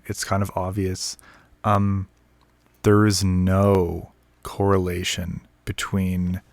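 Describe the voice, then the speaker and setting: A man's voice: sits low, no room sound. A man who is a vocalist, talking casually and bluntly to camera, swearing freely and counting out rhythms as he explains. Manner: candid and blunt, frequent swearing and fillers; taps out rhythms while explaining.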